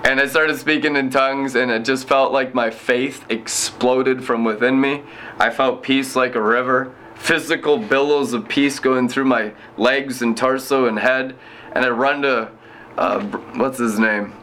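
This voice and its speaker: Missionary man in his thirties, bright forceful voice, lively storytelling testimony. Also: medium pitch, measured pace, slight background noise. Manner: animated, laughs often while telling his story. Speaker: inner-city missionary and broadcaster. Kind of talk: personal faith testimony.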